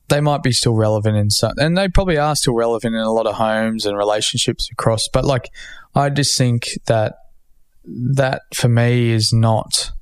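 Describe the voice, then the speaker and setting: A young man in relaxed, joking conversation on a podcast, talking easily and teasing his partner now and then. His voice is smooth and resonant at an ordinary pitch. The sound is dry and close, with no room echo. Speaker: podcast guest. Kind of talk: casual couple chat.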